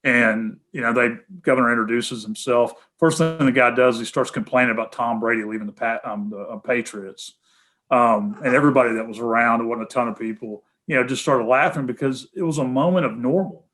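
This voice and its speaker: A man's voice: mid-range voice, a little fast, a bit bright. Tennessee man answering questions earnestly. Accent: Tennessee Southern. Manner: many fillers and restarts, earnest. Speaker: guest speaker, healthcare association head. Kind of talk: conversational Q&A over video call.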